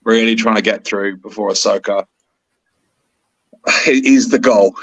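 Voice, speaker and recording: A man co-hosting a podcast in casual chat, excitable and rambling, with bursts of enthusiasm. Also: fairly low pitch, measured pace, husky, no room sound, low-quality recording. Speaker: podcast co-host.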